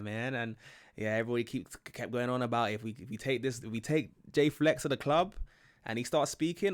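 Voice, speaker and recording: A young British man with a British accent, chatting and joking as he reacts to a video. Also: medium pitch. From Britain. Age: young adult. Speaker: reaction channel host. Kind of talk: casual reaction commentary.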